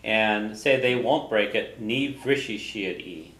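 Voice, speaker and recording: Man, language teacher, patient drilling, lowish voice, echoey room. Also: a bit bright. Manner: patient, drills phrases slowly for repetition. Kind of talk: classroom language lesson. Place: classroom.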